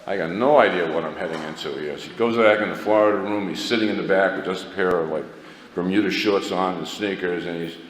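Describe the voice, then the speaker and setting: Speaking fast in a low voice, a middle-aged man laughs at himself while telling a rambling, self-deprecating story to a recovery meeting. The sound is echoey, like a hall, with faint noise behind him.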